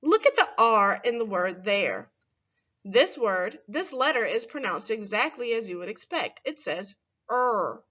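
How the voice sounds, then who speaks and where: Woman, first grade teacher, phonics lesson, lively pitch, slow careful pace, dull recording. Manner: slow, clear and sing-song, stretching words for young children.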